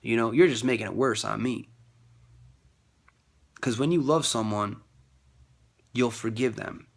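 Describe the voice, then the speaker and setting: A man giving a rambling casual monologue about faith and love, repeating himself and jumping high in pitch when he quotes others. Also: unhurried, vocal fry.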